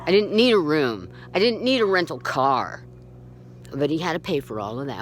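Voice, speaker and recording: A woman with a low voice and big pitch swings tells her own story unscripted at a normal pace, blunt, profane, agitated and indignant. She often restarts her sentences, and a little hiss or hum is audible.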